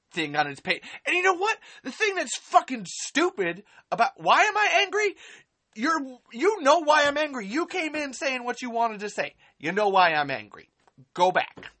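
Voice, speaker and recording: On a live stream, a podcast host with a slightly high, somewhat bright voice launches into an angry, sarcastic rant. She swears heavily and keeps repeating herself to drive her points home.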